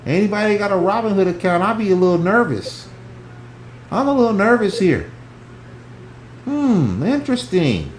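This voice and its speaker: A man rants about the market in a loose, profane back-and-forth, his voice swooping widely from near-shouts down to murmurs. The room around him is echoey, with a faint hum of ambience under the talk. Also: high voice. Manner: animated, profane, swings from loud to hushed. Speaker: stock talk show host. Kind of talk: heated casual stock chat.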